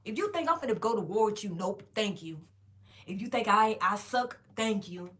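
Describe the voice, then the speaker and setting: Addressing her audience head-on, this woman vlogger tells a casual story with lots of swearing and an animated, emphatic delivery. She has a mid-range voice and a moderate pace.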